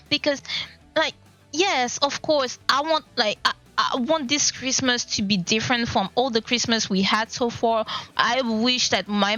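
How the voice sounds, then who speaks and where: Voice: medium pitch, pushed and bright, lo-fi sound. A streamer talking casually on a live stream, stammering and repeating words, the voice cracking with emotion. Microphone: laptop microphone.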